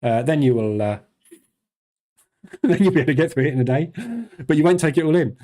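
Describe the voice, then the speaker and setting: A man hosting a live trading stream, talking fast in a chatty, loose way with plenty of fillers. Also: on the high side, lively intonation, warm tone.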